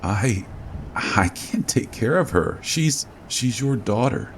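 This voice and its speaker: A shaken young soldier in a spoken horror story, his voice pushed up high and breaking soft and small, as a man with a gravelly voice reads him. He sounds close to tears the whole time. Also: lively intonation, normal speed, a little hiss or hum. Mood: choked up.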